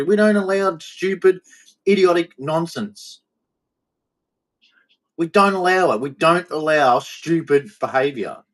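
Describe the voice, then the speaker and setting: A man's voice: a little high, lively intonation, a little slow, a bit bright. A man, ranting bluntly and scornfully in commentary to the camera. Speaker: vlogger.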